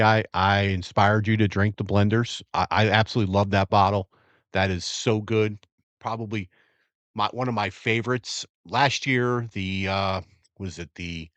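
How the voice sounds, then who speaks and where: A middle-aged man from the Virginia area hosting a casual livestream, talking in a relaxed, rambling way as he tastes and reacts. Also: sits low, no echo. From Virginia area, USA. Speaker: bourbon livestream host. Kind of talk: casual live-stream chat.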